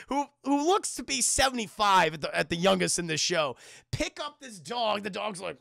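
Gravelly, profane male streamer. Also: sits high, lively intonation, moderate pace, sharp tone, no room sound. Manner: rambling and profane, addresses chat. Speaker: streamer reviewing a TV show. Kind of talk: casual live-stream commentary.

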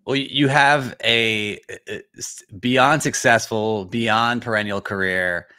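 A man's voice: mid-range voice, fairly even intonation, unhurried, bright, forceful tone, smooth. A man hosting a casual interview, enthusiastic and often stumbling over his words as he asks questions. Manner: enthusiastic, stammering restarts. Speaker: podcast host.

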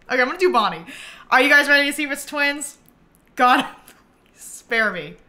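A woman hosting a gameplay livestream, chatting to viewers, giggly and easily excited, thanking them for subscriptions. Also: high-pitched, unhurried. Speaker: livestream host.

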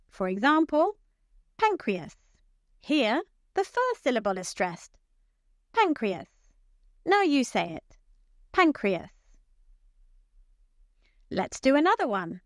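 A woman teaching medical English pronunciation, speaking slowly and enunciating each term clearly. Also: high-pitched, no room sound, studio quality. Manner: slow, clearly enunciated, instructive. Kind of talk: pronunciation lesson.

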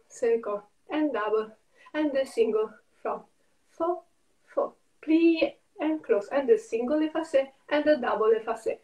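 High-voiced ballet teacher calling steps. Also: female voice, mellow. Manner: calls out counts and steps in short phrases. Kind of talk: ballet class instruction. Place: dance studio. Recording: roomy studio, far from the mic, music behind.

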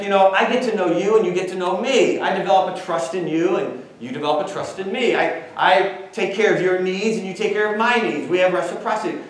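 Lively man telling a story in an echoey hall. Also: high-pitched. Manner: animated storytelling, quizzes the audience. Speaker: guest speaker. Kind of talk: university lecture with anecdote. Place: large lecture hall. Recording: echoey hall, far from mic.

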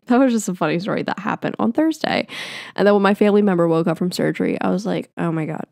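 Gravelly young woman telling a story. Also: medium pitch, lively intonation, fast, darkish tone, dry recording, studio quality. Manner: chatty, swears, many fillers and restarts. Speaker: podcast host. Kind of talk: casual storytelling.

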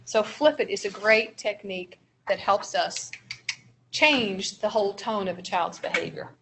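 A woman's voice: mid-range voice, measured pace, gravelly, background noise. A woman presenting a training seminar for early childhood educators, explaining strategies with step-by-step examples in an encouraging manner.

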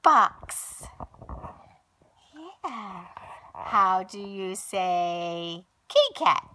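A woman in a home video, gently coaxing a small child with sing-song baby talk and simple questions. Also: medium pitch, sing-song, extremely slow, a little hiss or hum. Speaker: parent coaxing a toddler.

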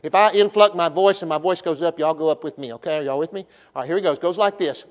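A man's voice: a little high, quick pace. A middle-aged man, a pastor preaching at a revival meeting in a church, folksy and repetitive, leading the congregation in call-and-response. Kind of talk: revival sermon. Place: church sanctuary.

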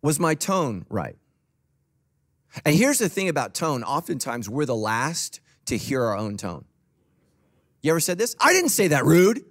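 A man's voice: medium pitch, very animated, measured pace, pauses often. A middle-aged man preaching a sermon as pastor, conversational and joking, acting out quoted voices. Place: church auditorium.

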